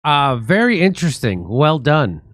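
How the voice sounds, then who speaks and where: A man's voice: on the high side, sing-song, a bit bright, dry recording. Man interjecting as show host, dry sound. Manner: quick interjecting, questioning. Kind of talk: casual chat.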